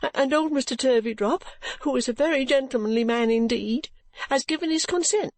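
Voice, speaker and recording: A woman's voice: a little high, unhurried, no room sound, voice pushed up. A woman voicing a tearful young daughter who pleads with her mother through sobs. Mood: pleading tearful. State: sobbing.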